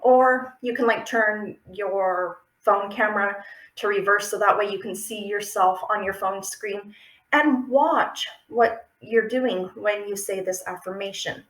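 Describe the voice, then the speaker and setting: A woman's voice: mid-range voice, unhurried, fairly bright tone. A woman giving a casual, chatty how-to talk on affirmations, often checking in with the listener. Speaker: affirmation practice teacher. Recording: roomy, echoey room.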